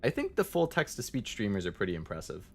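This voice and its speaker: A man's voice: on the low side, huge pitch swings, fast talker, vocal fry, darkish tone, faint music behind. A man streaming as a VTuber, chatting casually and rambling as he answers his chat, with many fillers.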